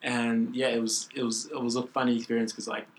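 A man's voice: mid-range voice, level tone, fairly quick. A young man talking as a guest in casual chat, laid-back and rambling, filling his talk with "like". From Australia. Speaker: guest athlete.

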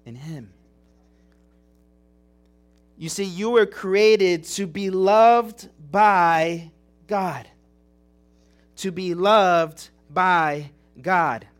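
A man's voice: high-pitched, fairly even intonation, extremely slow. A young man preaching a sermon as pastor, earnest and emotional, repeating phrases and asking rhetorical questions. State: tearing up.

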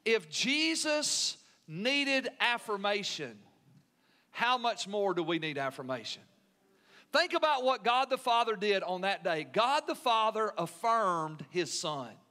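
A man's voice: high-pitched, sing-song, takes it slowly, pushed and bright. A male pastor preaching a sermon in an earnest, emphatic way, often asking the congregation questions.

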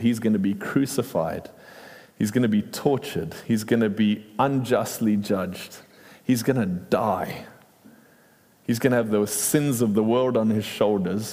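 A man preaching a sermon in a lively, animated way, acting out quoted lines in playful voices. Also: fairly low pitch. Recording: long reverb in a large hall.

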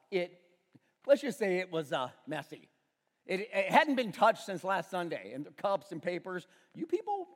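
A man's voice: sits high, in a large hall. A middle-aged male pastor preaching a sermon, telling a story about his son with self-deprecating humor in a church auditorium.

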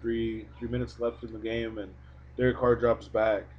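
A man's voice: mid-range voice, level tone, moderate pace. A man co-hosting a casual sports podcast, talking in a laid-back, somewhat hesitant way. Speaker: podcast co-host. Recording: dull lo-fi recording with faint noise.

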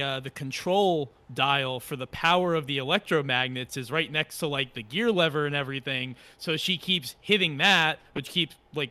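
A man co-hosting a movie podcast, explaining a scene in a halting way with repeated words. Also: medium pitch, bright, forceful tone. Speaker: podcast co-host. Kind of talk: casual movie recap chat.

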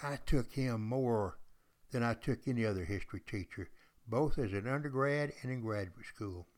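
An older man, once a history teacher, hosts a podcast where he recounts history in a folksy, emphatic style. His medium-pitched voice is a little mellow and moves at a moderate pace, and he repeats himself while addressing his listeners directly.

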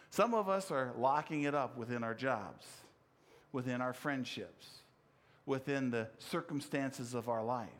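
A man preaching a sermon, explaining scripture in an earnest way and telling a personal story against himself. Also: mid-range voice. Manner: earnest, explanatory, with self-deprecating anecdote. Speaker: pastor.

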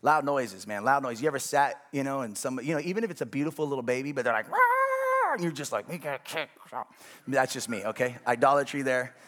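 A man's voice: medium pitch, fast, few pauses, a bit bright. Conversational male pastor preaching a sermon. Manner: conversational, checks in with the congregation.

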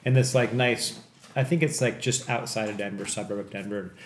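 A man's voice: fairly low pitch, fairly even intonation, fairly quick. A man tells a story from his own life in a loose, rambling way, swearing freely and bursting out when things get tense. He is recorded in an echoey room, with a faint hiss of noise behind him. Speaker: podcast host telling a story. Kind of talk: casual storytelling.

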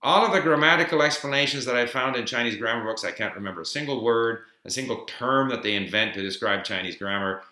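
A man's voice: mid-range voice, fast, hardly any pauses, pushed and bright. A man giving an informal explanatory talk on learning a language, emphatic and dotted with fillers, sharing his own learning tips. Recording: roomy echo.

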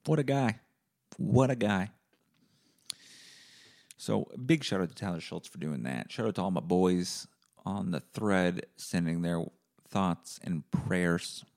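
A man hosting a solo podcast and rambling in a deadpan comic way, with plenty of swearing. His voice sits fairly low with a rough, gravelly fry running through it. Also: takes it slowly, pauses often. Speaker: podcast host. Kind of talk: casual solo monologue.

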